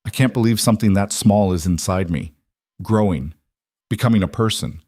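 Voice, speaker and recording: A vulnerable woman executive, soft-spoken and tearful, read by a man with a low voice. The sound is close and dry, with no room around it. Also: moderate pace, no echo, natural voice. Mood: tender.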